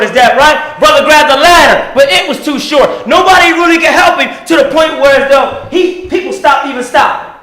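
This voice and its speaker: A man preaching a sermon, often shouting and asking the crowd "is that right?" to get answers. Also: very high voice, roomy sound, rough recording. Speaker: minister.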